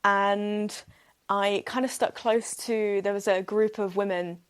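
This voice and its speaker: A woman's voice: medium pitch, steady tone, a little slow, clear, resonant tone. A young woman hosting a solo podcast, telling a story in an upbeat, chatty way with many "like" fillers, laughing often and acting out what people said. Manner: laughs often and acts out quoted speech. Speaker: podcast host.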